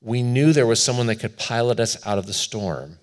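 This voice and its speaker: A man preaching a sermon as pastor, telling a personal story in an earnest way, swelling louder and then dropping to a hush. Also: medium pitch, animated, normal speed.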